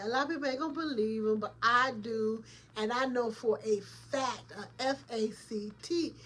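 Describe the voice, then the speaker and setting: Chatty, opinionated woman host, slightly high. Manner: chatty, opinionated, laughs often, addresses viewers directly; colloquial, emphatic. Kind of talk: casual commentary vlog.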